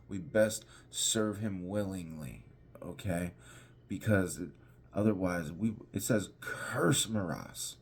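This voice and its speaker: A pastor teaching an informal devotional, talking conversationally with restarts and emphatic repetition. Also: male voice, low voice, darkish tone.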